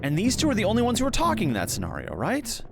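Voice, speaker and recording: Animated man streaming a puzzle game. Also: sits high, racing, vocal fry. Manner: animated, thinking aloud, mild swearing. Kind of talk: casual gameplay commentary. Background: loud game music.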